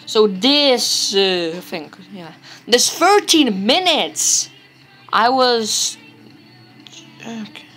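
Slow rambling woman gamer commentator. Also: a little high, big pitch swings, a bit bright, soft background music. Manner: rambling, repetitive, chatty. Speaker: gameplay commentator. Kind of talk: casual let's-play commentary.

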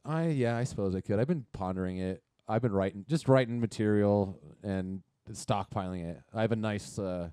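Man, 30s, podcast co-host, casual crude storytelling, animated, dry close mic. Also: lowish voice, normal speed, hardly any pauses, clear, resonant tone, no room sound.

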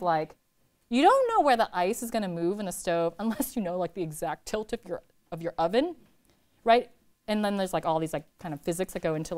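A woman poet in her thirties, from California, answering audience questions in a chatty, animated way, laughing often and filling her talk with "like". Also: fairly low pitch. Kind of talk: casual talk at a reading Q&A.

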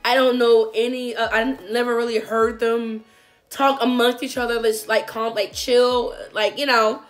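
A woman's voice: on the high side, little pitch movement, normal speed. A woman hosting a reaction video, chatty and rambling, laughing often. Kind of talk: casual reaction commentary.

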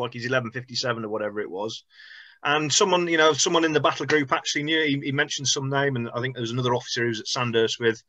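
A man's voice: medium pitch, sharp tone, dry recording. A middle-aged man, an army veteran, recalling events in a rambling way full of fillers over a video call. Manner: rambling, full of "sort of" and "you know". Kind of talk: recounting war memories on a video call. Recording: dry, lo-fi video call audio.

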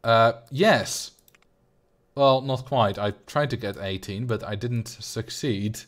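Young dutch guy rambling on a game stream, mid pitch, reads chat and answers. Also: slow pace. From Netherlands. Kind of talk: casual livestream chat.

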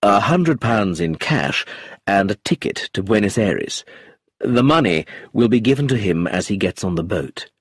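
An earnest, gentle middle-aged husband in a storybook reading, read by a man. He speaks slowly in a low voice. The voice is husky. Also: animated, no room sound, studio quality.

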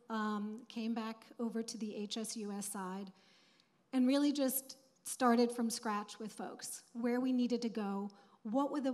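A woman's voice: a little high, a little mellow. Earnest woman on a panel. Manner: earnest, emphatic, repeats phrases. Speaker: panelist, nonprofit CEO. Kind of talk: conference panel discussion. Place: conference stage.

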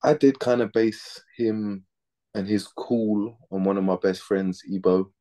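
A man's voice: lowish voice, steady tone, measured pace, warm tone. A man in his thirties, an actor chatting casually in an interview, laid-back and slangy, often repeating words as he thinks.

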